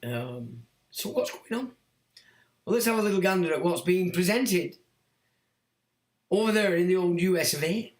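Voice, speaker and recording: The middle-aged man hosting this livestream mocks and rants in crude, blunt terms, cursing freely as he reads out viewer comments, all in an echoey room. He speaks in a high voice with lively intonation at a moderate pace, leaving long pauses.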